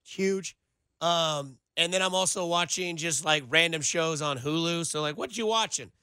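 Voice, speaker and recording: A man hosts sports talk radio with a bright, forceful voice that sits a little high for a man. He rambles loosely from point to point, leaning on filler words. The studio mic sound is close and dry. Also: normal speed, clean tone, no room sound. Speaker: radio show producer and host. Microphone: studio microphone.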